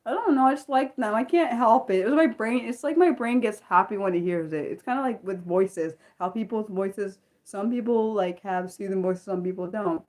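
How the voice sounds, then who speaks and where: A woman from Maryland, speaking with a Maryland American accent, hosts a casual, unscripted livestream, rambling with plenty of fillers and restarts. Her mid-range voice moves at normal speed with few pauses and sounds a little mellow.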